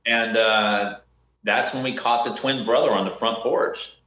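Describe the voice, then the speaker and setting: A man's voice: unhurried, slight background noise. Storytelling man in an echoey room. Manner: animated, acts out quotes with rising pitch. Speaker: bounty hunter telling a story. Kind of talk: casual podcast storytelling. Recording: echoey room, dull lo-fi sound.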